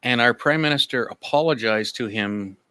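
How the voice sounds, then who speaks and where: A man's voice: mid-range voice, moderate pace, bright, forceful tone, clear, resonant tone, no room sound. A man from Canada chatting on a livestream, telling blunt, profane stories. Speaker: livestream guest. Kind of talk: casual chat.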